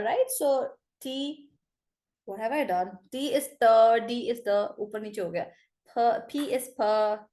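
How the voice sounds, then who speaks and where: A young woman with an Indian accent teaching an online spoken English class, lively, switching into Hindi and calling on students by name. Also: on the high side.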